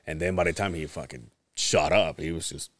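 A man's voice: very deep voice, fairly quick, dry recording. A man on a podcast telling a story in casual chat, swearing freely and acting out what people said. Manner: animated, profane, acts out quotes. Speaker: podcast host.

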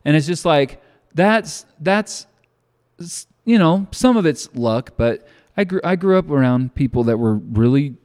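A man's voice: a little high, expressive, unhurried, a little mellow. A man co-hosting a podcast, telling a story in a loose, rambling way full of fillers and restarts. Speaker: podcast co-host. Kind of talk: casual chat. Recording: long hall reverb.

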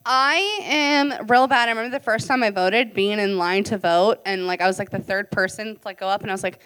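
A woman's voice: on the high side, moderate pace, pushed and bright, smooth. A woman hosting a casual chat and card game, blunt and teasing, swearing freely. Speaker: podcast host.

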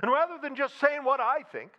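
A man's voice: extremely high pitch, lively intonation, a little fast, dull audio. A man preaching a sermon in a conversational style, repeating phrases and slipping in humor. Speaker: pastor.

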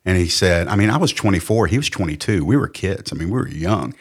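Low-voiced Southern man sharing testimony. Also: lively intonation, fast talker, husky. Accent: Southern American. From Southern United States. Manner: earnest, candid, plainspoken, acts out quotes. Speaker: pastor and podcast guest. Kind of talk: personal testimony storytelling.

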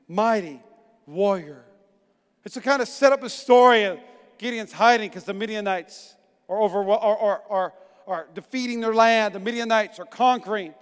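High-voiced man preaching in an echoing hall. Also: clean tone. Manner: emphatic, swings from hushed to shouting. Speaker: pastor. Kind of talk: sermon. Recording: long echoing reverb.

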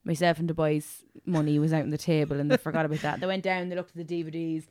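A young woman co-hosting a casual podcast, telling an animated, sweary story. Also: sits low, fast, no echo, studio quality. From Ireland. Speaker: podcast co-host. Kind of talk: casual chat.

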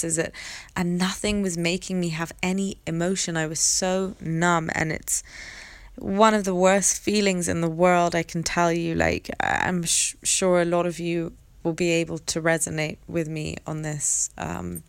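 A young adult woman hosting a podcast, telling a personal story in a candid, reflective way with hesitant pauses. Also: lowish voice, fairly even intonation, smooth, no room sound. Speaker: podcast host.

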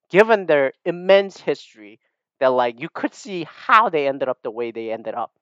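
A man holding forth in a loose, rambling monologue, his pitch leaping up and dropping low as he goes. He swears freely and keeps circling back on himself. The sound is dry and a little dull. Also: a bit bright, no echo. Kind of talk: casual opinion monologue.

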